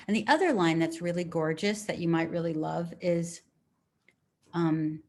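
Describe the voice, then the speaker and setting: A middle-aged woman leading a live writing lesson over a video call, speaking in a relaxed, encouraging way and reading poems aloud slowly. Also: fairly low pitch. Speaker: writing teacher.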